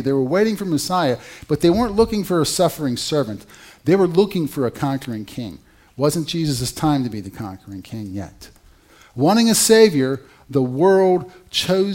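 A male pastor preaching a sermon in an animated, conversational way, with rhetorical questions to the congregation. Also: on the high side.

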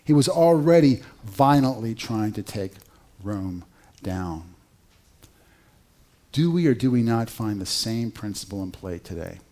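Male pastor, sermon, conversational, animated, asks the congregation rhetorical questions. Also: on the low side, unhurried.

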